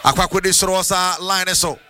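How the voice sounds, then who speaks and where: A man with a Ghanaian accent calling a football match live on radio, in a sing-song, excitable delivery that mixes English with Twi. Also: high voice, normal speed, a little hiss or hum. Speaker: play-by-play commentator.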